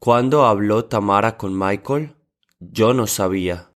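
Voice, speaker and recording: Lower-voiced man reading example sentences. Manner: measured, repeats each sentence twice. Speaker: example speaker in a language lesson.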